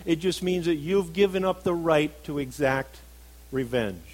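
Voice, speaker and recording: A middle-aged man preaching a sermon, earnest, moving between emphatic stresses and soft, reflective passages. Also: a little high, unhurried, low-quality recording.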